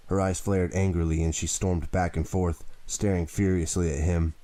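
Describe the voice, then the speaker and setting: A man reading a teen thriller audiobook in steady, measured narration. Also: low-pitched. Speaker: audiobook reader. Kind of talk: scripted narration.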